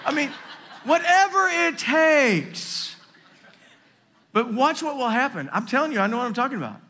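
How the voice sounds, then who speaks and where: Lively, bright-voiced male preacher. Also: extremely high pitch, moderate pace, pauses often. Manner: preaching with call-and-response asides, builds to shouting. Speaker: pastor. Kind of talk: sermon.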